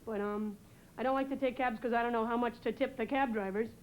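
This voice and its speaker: A woman from New England doing a rambling stand-up set on a TV stage, full of halting pauses and "uh"s. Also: fairly high pitch, fairly even intonation, a little hiss or hum, rough recording. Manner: rambling, halting delivery with many "uh"s. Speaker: stand-up comedian. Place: TV studio stage before a live audience. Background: audience laughter.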